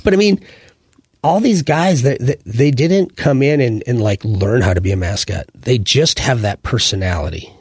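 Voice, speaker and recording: A man in his forties, a former sports mascot, telling animated, rambling stories in a casual interview, full of fillers and restarts. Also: medium pitch, normal speed, breathy edge, no echo, studio quality.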